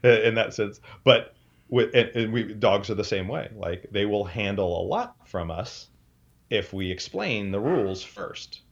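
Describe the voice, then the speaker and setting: A man's voice: fairly low pitch, animated, a little slow, lo-fi sound. A man talking casually on a podcast, explaining dog training emphatically and often checking in with "right?".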